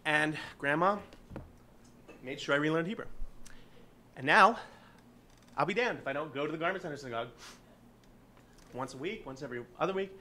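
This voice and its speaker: Comic male storyteller, 40s, raised pitch, very bright and forceful tone, brash and profane. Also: brisk, pauses often, slight background noise. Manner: animated, profane, laughs often. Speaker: guest storyteller. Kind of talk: comedic personal storytelling.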